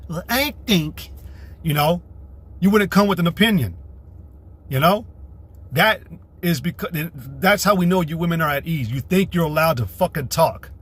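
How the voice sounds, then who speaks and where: A man's voice: fairly high pitch, animated, normal speed, fairly bright tone, slightly rough. A man preaching a profane, combative livestream sermon, repeating himself and mocking women in put-on voices. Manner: mocks women in a mimicking voice. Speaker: street preacher.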